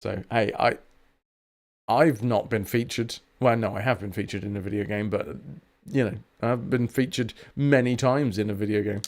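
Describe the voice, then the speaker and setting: A man's voice: fairly low pitch, steady tone, normal speed, a little mellow. A man chatting and joking while playing a game on stream, swearing freely. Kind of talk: casual game commentary.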